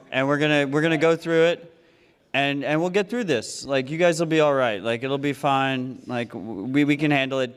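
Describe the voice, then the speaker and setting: A man's voice: a little high, fairly bright tone. Guy joking around on stage, stumbles and repeats words, big echoey hall. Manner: rambling, mock-solemn, repeats words. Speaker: award recipient on stage. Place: conference stage in a large hall. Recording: long hall reverb.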